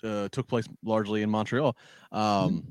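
A man's voice: on the low side, steady tone, clear, resonant tone, dry recording. A man in a casual podcast chat, rambling with frequent restarts. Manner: rambling, halting, many restarts.

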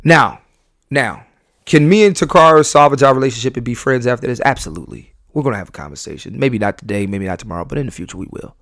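A man's voice: lively intonation, quick pace, dry recording, studio quality. Emphatic man hosting a candid podcast. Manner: emphatic, repeats and restarts phrases; swings between loud bursts and low, quiet asides. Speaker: podcast host.

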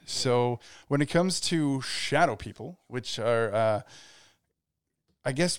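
Smooth, lively-voiced male podcast co-host. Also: medium pitch, no echo, studio quality. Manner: thoughtful, hedging, weighs explanations. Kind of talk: casual chat.

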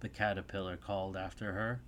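A man reading a storybook aloud as narrator, steady and even. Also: low voice, brisk.

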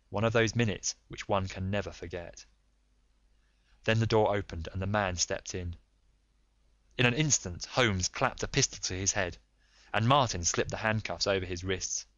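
A man narrating a classic mystery story in a steady storytelling delivery. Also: sits low, normal speed, long pauses, no room sound, dull audio. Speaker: audiobook narrator. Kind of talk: scripted narration.

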